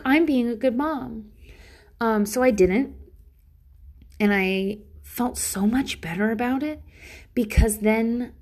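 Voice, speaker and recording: A woman's voice: medium pitch, darkish tone. Sniffly young woman chatting with a casual podcast swagger. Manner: candid, swears freely, many fillers and likes; laughs between lines, playful silly bursts. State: sniffly runny nose. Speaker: podcast host. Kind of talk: casual solo podcast chat.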